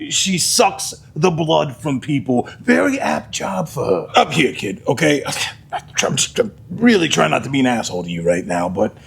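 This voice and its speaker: A man's voice: fairly high pitch, creaky, husky, exaggerated voice. A man playing a bitter, crude divorced father who rants and swears at his kid in a comedy sketch. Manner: crude, ranting, exasperated, swearing. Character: angry bitter divorced middle-aged dad, crude. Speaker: comedic POV character sketch.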